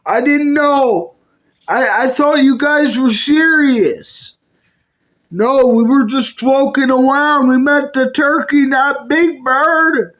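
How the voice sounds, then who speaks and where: A high-pitched voice that takes its time, acting out a whole comedy skit alone. It hops between several bickering characters. It is a puppet maker's homemade skit. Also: slow pace, a bit bright.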